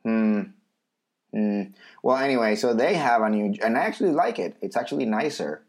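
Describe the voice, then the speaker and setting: Sarcastic man with a lively voice. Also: medium pitch, moderate pace. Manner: sarcastic, joking. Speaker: podcast co-host. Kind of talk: casual chat.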